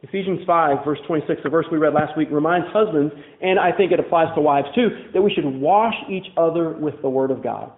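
A man's voice: on the high side, fairly quick, hardly any pauses, reverberant, narrow, tinny audio. A man preaching a sermon as a pastor, telling candid personal stories in a conversational way full of "like" fillers. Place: church.

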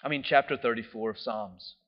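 A man's voice: mid-range voice, brisk. A man preaching a sermon in a conversational way, often checking in with his listeners by asking "right?". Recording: dull lo-fi sound.

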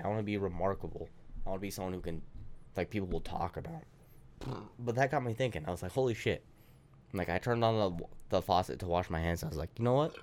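A man co-hosting a casual podcast, rambling with lots of swearing and filler words. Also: low-pitched. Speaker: podcast co-host.

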